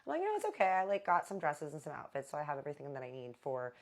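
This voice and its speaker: Fast-talking chatty young woman, very low voice. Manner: chatty, animated, addresses viewers as y'all. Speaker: storytime vlogger. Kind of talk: casual storytime chat.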